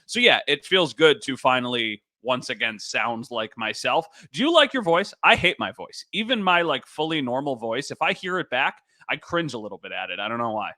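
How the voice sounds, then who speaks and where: A man's voice: mid-range voice, very animated, moderate pace, hardly any pauses, pushed and bright, no echo. A man co-hosting a sports podcast, a sports reporter, chatting casually with a joking, self-deprecating manner.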